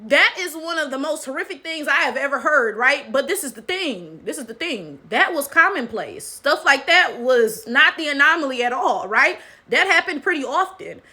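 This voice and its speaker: Bright high-voiced woman, emphatic commentary. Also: lively intonation, normal speed, few pauses. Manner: emphatic, repeats "right?" as tag question. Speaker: commentary channel host. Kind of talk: casual commentary monologue.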